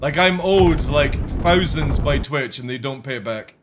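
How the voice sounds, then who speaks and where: A man's voice: on the high side, unhurried, background noise. Chatty man streaming games. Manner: rambling, talks to chat, swears freely. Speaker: game streamer. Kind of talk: casual live-stream chat.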